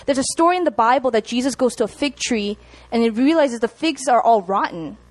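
A young woman preaching a sermon to a congregation, chatty and animated, often checking in with the room. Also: a little high, a little fast. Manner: animated, chatty, laughs at herself, asks the room to respond.

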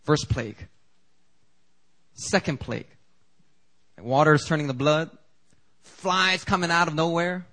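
A man preaching a sermon as pastor in a church, animated and conversational, with quick asides to the congregation. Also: a little high, low-quality recording. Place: church sanctuary.

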